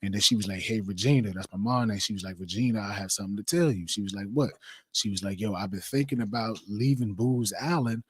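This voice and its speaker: A man telling a lively personal story in casual conversation, acting out the voices he quotes, heard over a video call. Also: lowish voice, fast, slightly rough, no echo, clean studio sound. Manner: animated storyteller, acts out the quotes. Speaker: guest.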